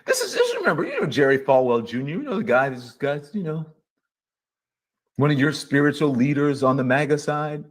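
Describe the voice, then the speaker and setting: A man's voice: medium pitch, animated, normal speed. A man giving a sarcastic monologue as a political commentator, piling up rhetorical questions. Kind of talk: ranting monologue to camera.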